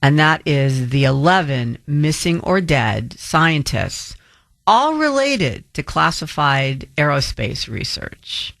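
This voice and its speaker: A man's voice: a little high, sing-song, slow, creaky, fairly bright tone, dry recording, clean studio sound. A man filling in as a talk radio host, speaking in a rambling monologue with frequent restarts.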